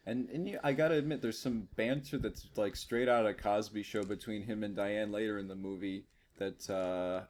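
A man's voice: on the low side, fairly even intonation, moderate pace, hardly any pauses, darkish tone. A man co-hosting a casual movie review chat, joking around and laughing often. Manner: laughing, jokey, does silly voices. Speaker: podcast co-host.

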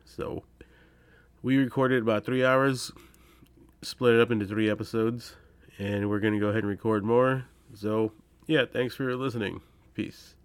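A man's voice: mid-range voice, fairly even intonation, moderate pace, smooth. A man hosting a podcast in a loose, casual chat, talking through a sick voice and swearing casually. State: sick, congested voice. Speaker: podcast host.

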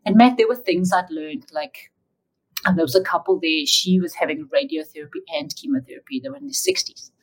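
Husky-voiced woman telling her story. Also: mid-range voice, fairly quick, low-quality recording. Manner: emotional, animated storytelling. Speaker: interview guest. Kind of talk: personal testimony storytelling.

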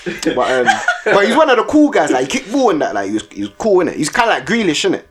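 A crowd can be heard behind this young podcast co-host as he talks fast in a slightly high voice with big pitch swings. His casual storytelling is thick with slang, broken up by frequent laughter and lines ending in "innit."

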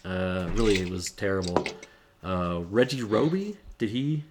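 A man with a fairly low voice on a relaxed sports podcast, often stalling and restarting as he tries to recall names. His talk is loose and easygoing, full of half-finished thoughts. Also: a little slow, noisy background. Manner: hesitant, searches for names, trails off. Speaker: podcast co-host. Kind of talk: casual sports chat.

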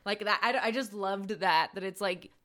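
A woman's voice: mid-range voice, moderate pace, fairly bright tone. Giggly woman sharing opinions. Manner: reflective, giggly, gives opinions with restarts. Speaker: podcast co-host. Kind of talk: casual chat.

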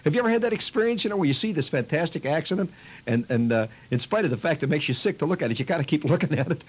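A man's voice: a little high, animated, very fast, husky, poor audio. A man telling a childhood story in a rambling, conversational way, peppered with "you know" and "see".

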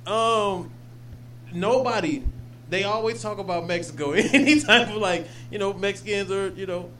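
A man's voice: sits high, moderate pace, a bit bright, a little hiss or hum. A young man co-hosting a podcast, telling a rambling story in casual chat and laughing often. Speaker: podcast co-host.

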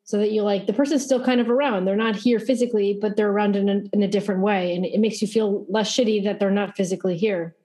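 A woman's voice: mid-range voice, fairly even intonation, fast, hardly any pauses, dark tone. A woman co-hosting a casual interview, chatty and joking, with loose filler words. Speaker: co-host.

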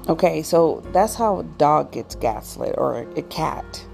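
Slow, gravelly-voiced woman ranting. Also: deep voice, animated, a little mellow, faint music behind. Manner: preachy, emphatic. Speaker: vlogger. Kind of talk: ranting monologue.

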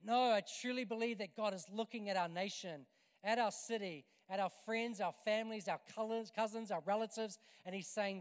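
A man preaching a sermon to a congregation, energetic and building to loud, emphatic passages. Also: high voice, normal speed, smooth. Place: church hall, evening service. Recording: long reverb of a church hall.

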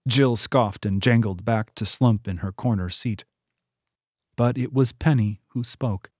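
A man reading his own novel aloud in steady audiobook narration. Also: on the low side, measured pace, husky, no echo, clean studio sound. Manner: steady, even storytelling.

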